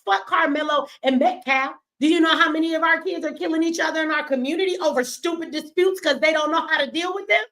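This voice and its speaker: A woman's voice: high voice, fast, hardly any pauses, a bit bright. Heated, profane middle-aged woman ranting. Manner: blunt, profane, heated and preachy. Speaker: streamer and commentator. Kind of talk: impassioned livestream commentary.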